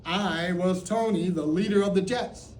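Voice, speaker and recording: His voice is high and a bit slow. He's a man in his seventies from Chicago performing a playful personal story on stage, playing it up like a mock sports broadcast. The mic is distant, giving a roomy theater sound with faint background ambience.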